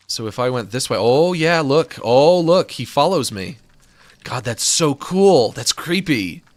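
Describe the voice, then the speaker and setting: A man giving casual, excitable commentary on a video game, swinging between delight and exasperation, with some swearing. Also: mid-range voice, a little slow. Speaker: gaming streamer.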